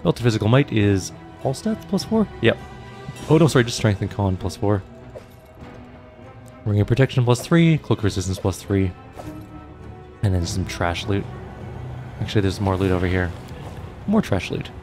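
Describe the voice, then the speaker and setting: A man's voice: fairly low pitch, very animated, normal speed, long pauses, a little mellow, soft background music. A man casually commentating a game and reading its dialogue aloud, with dry, offhand remarks. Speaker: gaming YouTuber.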